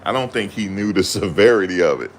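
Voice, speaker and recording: A man's voice: sits low, slight background noise. A young man chatting casually to camera in loose, slangy banter, often laughing. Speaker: vlogger.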